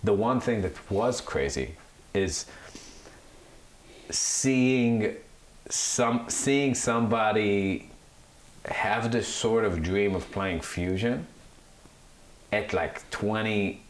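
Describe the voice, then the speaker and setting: A man's voice: on the low side, very slow, long pauses. A man in his thirties, a podcast co-host, chatting casually and rambling with many restarts. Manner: rambling, animated, mocks Italian accents. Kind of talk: casual chat. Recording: echoey room with faint noise.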